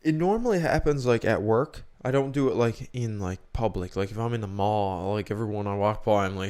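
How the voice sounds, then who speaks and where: Young guy on a podcast ranting about manners, acts out what people say, clean smooth voice. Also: lowish voice, a little fast, hardly any pauses. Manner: animated, opinionated, acts out quoted lines. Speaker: podcast co-host. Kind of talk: casual chat.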